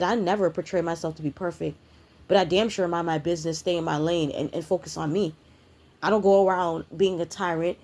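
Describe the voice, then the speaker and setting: Woman, spiritual vlogger, profane confrontational rant. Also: lowish voice. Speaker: spiritual content creator. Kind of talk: ranting vlog monologue.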